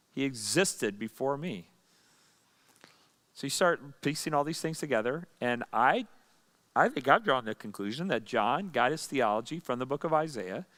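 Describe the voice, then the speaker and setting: A man's voice: medium pitch, a bit bright. A pastor leading a Bible study, teaching in a conversational way, asking and answering his own questions.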